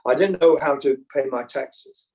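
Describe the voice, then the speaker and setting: An older man from Britain answers interview questions in a loose, rambling way, full of restarts and easy laughs. His speaking voice sits somewhat high for a man. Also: normal speed, darkish tone, far from the mic, low-quality recording. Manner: rambling, many fillers and restarts, laughs easily. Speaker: rock singer, interview guest. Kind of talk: casual interview chat.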